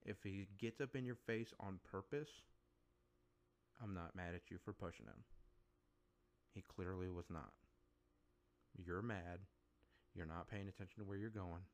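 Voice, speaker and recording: A low-voiced man hosts a solo podcast, ranting bluntly and swearing freely. His delivery is casual, opinionated and irritated. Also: a little slow, pauses often. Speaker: podcast host.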